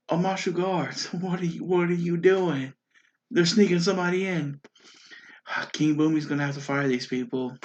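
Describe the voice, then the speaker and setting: A man's voice: fairly high pitch, a little hiss or hum. A man giving a casual, enthusiastic spoken review, rambling with lots of fillers and restarts. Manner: excited and enthusiastic. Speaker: YouTube show reviewer. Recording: dull lo-fi sound.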